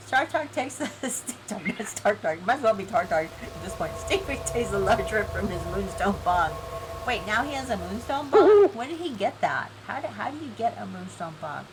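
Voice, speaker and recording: A woman's voice: medium pitch, very animated, normal speed, background noise. A woman live-streaming an online game event, chatty and giggly, reading game text aloud.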